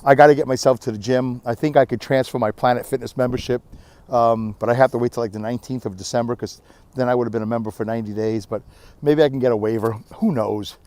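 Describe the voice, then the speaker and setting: A man's voice: mid-range voice, steady tone, quick pace, darkish tone, dry recording. A tired middle-aged man rambling candidly in a casual vlog, filmed at arm's length on a windy beach. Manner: rambling, candid, self-deprecating. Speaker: vlogger.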